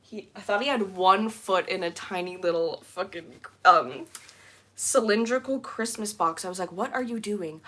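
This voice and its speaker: A young woman live streaming while she cleans, chatting casually with giggly, rambling asides and excited squeals. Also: mid-range voice, moderate pace. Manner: bubbly, squealing excitedly at new members.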